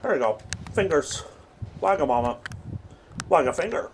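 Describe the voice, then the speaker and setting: A young man giving rambling, absurd deadpan commentary while playing a video game. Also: fairly high pitch, normal speed, slight background noise. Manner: rambling deadpan non-sequitur jokes. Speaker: gaming streamer. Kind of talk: absurd comedic gameplay commentary.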